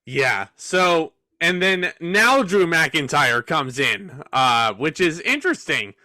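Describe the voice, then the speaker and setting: A man's voice: a little high, sing-song, slow, sharp tone, no room sound. A man hosting a podcast, reviewing a wrestling show in a casual, chatty, joking and sometimes sarcastic way. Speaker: podcast host.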